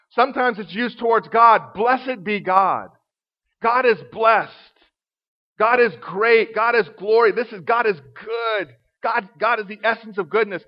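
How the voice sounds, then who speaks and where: A man teaching from the Bible in a sermon, conversational and slowing down to stress key words. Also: high voice. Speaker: preacher. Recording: dull lo-fi recording.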